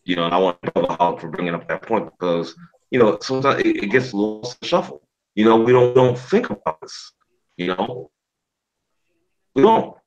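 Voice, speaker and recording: A man's voice: fairly low pitch, quick pace, lo-fi sound. A man hosting a casual sports podcast, talking emotionally with lots of fillers and swearing. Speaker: podcast host.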